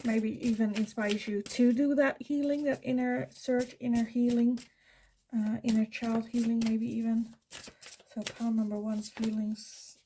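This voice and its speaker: A woman's voice: fairly high pitch, a little hiss or hum. A woman with a Dutch accent giving a pick-a-card tarot reading, thinking aloud and correcting herself as she goes. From Netherlands. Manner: thinking aloud, self-correcting, soft fillers. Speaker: tarot reader.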